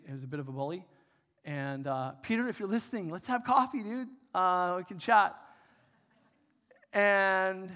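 A man preaching a sermon, telling a personal story in a casual, conversational way with fillers. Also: fairly high pitch. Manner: conversational, with fillers and animated retelling. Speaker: pastor. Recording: long hall reverb.

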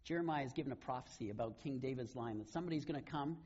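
A man preaching a sermon, retelling scripture stories in a relaxed, conversational way. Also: mid-range voice, very fast, slightly rough, muffled recording. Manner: conversational storytelling, casual paraphrase of scripture. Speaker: pastor.

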